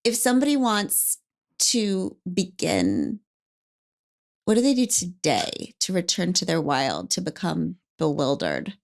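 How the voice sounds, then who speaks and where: A woman's voice: fairly low pitch, sing-song, measured pace, vocal fry. Friendly woman podcast host. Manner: friendly, plain-spoken, addresses listeners directly. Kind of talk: podcast hosting and wrap-up.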